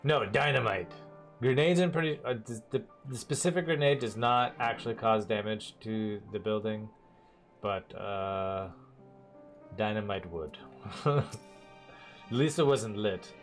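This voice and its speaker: A man's voice: fairly low pitch, measured pace, pauses often, faint music behind. A man streaming a role-playing game, joking casually and swearing when things go wrong. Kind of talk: casual gaming livestream chat.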